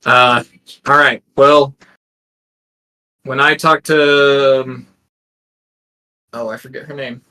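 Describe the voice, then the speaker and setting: Male player, bright forceful tone, direct and organizing. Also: medium pitch, steady tone, takes it slowly, long pauses, low-quality recording. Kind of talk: tabletop game chat.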